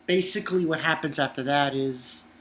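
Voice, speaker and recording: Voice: mid-range voice, normal speed, fairly bright tone. Chatty anime reviewer in a roomy space. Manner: chatty, swears, rambling with many fillers. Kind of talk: casual episode recap. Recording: roomy echo.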